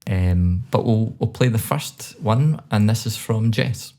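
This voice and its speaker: A man with a Scottish accent co-hosting a podcast, reviewing songs in a relaxed, chatty way with many fillers. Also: fairly low pitch, measured pace. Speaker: podcast co-host. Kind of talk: casual chat.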